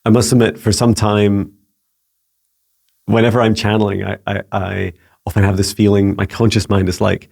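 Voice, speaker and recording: A man's voice: fairly low pitch, little pitch movement, moderate pace, gravelly. A man and psychic mentor answering viewer questions in a rambling, casual way. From Scotland. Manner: warm-hearted, rambling, frequent restarts and fillers.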